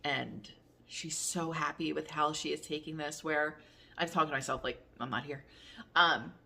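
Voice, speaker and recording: A woman in her thirties talks straight to her viewers, rambling and candid, and drops the odd swear word. Her voice sits low but has a bright, forward edge to it. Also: fairly even intonation, normal speed, creaky, a little hiss or hum. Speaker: vlogger. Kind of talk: casual chat to camera.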